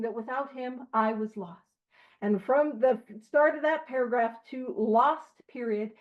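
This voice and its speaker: A woman leading a recovery book study, talking in an animated, joking, self-deprecating way. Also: high-pitched. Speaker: study leader. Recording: dull lo-fi recording.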